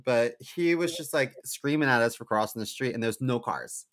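A man's voice: mid-range voice, lively intonation, moderate pace, a bit bright. A young man co-hosting a podcast, telling rambling, self-mocking stories and laughing at them in casual chat. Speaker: podcast co-host.

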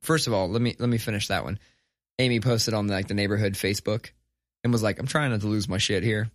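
A man's voice: on the low side, dry recording, clean studio sound. Profane man telling a story. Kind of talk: casual storytelling chat.

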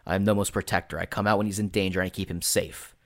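A man playing a stern protector personality that surfaces when a young dwarf monk is in danger. He states things flatly and matter-of-factly, with a low, steady voice. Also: fast, no echo, studio quality. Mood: solemn.

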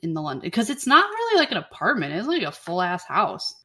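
A woman's voice: medium pitch, wildly swooping pitch, a little fast, bright, forceful tone. A woman co-hosting a podcast, chatting casually and animatedly retelling a book and movie plot, acting out quotes and swearing freely. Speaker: podcast co-host.

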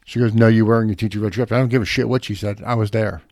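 A man's voice: lowish voice, steady tone, rapid-fire, a little mellow, dry recording, studio quality. A middle-aged man telling a profane, brash story in casual chat.

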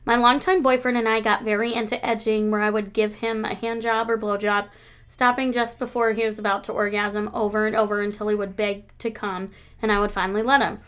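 Co-hosting a casual podcast chat, a woman in her thirties tells frank, animated stories and laughs a lot. She speaks briskly in a smooth, medium-pitched voice.

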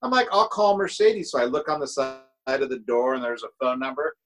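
A man's voice: medium pitch, fairly even intonation, quick pace, a bit bright, faint music behind, poor audio. A middle-aged man, a guest drummer from the United States, telling road stories in a laid-back, rambling way and swearing freely. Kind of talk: casual storytelling.

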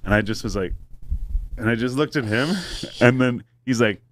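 A man's voice: mid-range voice, normal speed. A man telling a long story in casual chat, rambling and profane with many fillers. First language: English.

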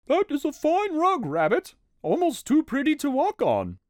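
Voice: high voice, wildly swooping pitch, moderate pace, a little mellow, dry recording, studio quality, voice pushed up. A storybook reader voicing a sleepy, yawning male owl. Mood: drowsy. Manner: drowsy, yawning. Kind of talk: storybook read-aloud.

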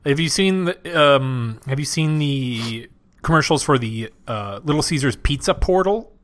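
A man's voice: medium pitch, lively intonation, a little slow. A young man co-hosting a casual podcast, rambling and joking with plenty of fillers. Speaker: podcast co-host. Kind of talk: casual chat.

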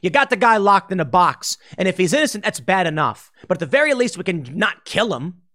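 A man's voice: sits high, big pitch swings, brisk, fairly bright tone. A man giving a blunt opinion monologue as a political commentator, emphatic and full of slang.

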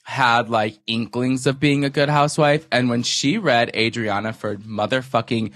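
A man's voice: mid-range voice, moderate pace, dry recording, studio quality. Campy, profane man recapping reality TV. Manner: campy, profane, animated retellings. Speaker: podcast co-host. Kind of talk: casual reality-TV recap chat.

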